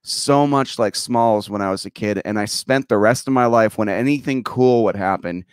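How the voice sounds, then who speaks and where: A man's voice: lowish voice, normal speed, smooth, no room sound. Rambling male host, dry sound. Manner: rambling, self-interrupting, laughs often. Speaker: podcast host. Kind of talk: casual interview.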